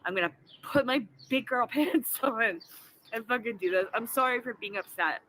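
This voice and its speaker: A woman's voice: on the high side, moderate pace, fairly bright tone, slight background noise, rough recording. A woman in her forties, upset and tearful, swearing as she talks into her phone in an emotional vlog after an arrest. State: crying. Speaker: vlogger.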